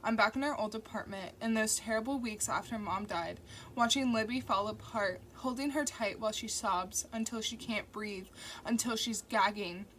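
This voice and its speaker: A woman narrating a novel as an audiobook in first person, with steady, intimate storytelling. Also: on the high side, moderate pace. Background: faint construction noise.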